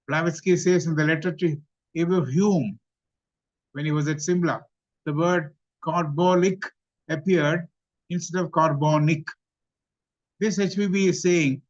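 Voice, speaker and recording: Indian man giving a measured lecture, lo-fi. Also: a little high. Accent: Indian English. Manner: measured, recaps and repeats points. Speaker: lecturer on theosophy. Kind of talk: study-class talk. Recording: dull lo-fi recording.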